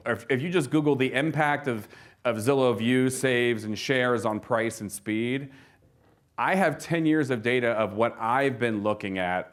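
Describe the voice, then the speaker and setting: A man giving a casual seminar talk to an audience of real estate agents, telling stories with lots of fillers and restarts. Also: medium pitch. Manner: chatty storyteller, frequent fillers and restarts.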